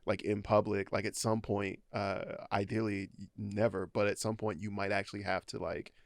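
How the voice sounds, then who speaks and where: A man talking casually on a podcast in a studio, laid-back with lots of fillers, getting animated when he jokes. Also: lowish voice, moderate pace, creaky, dry recording. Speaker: podcast host. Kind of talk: casual chat.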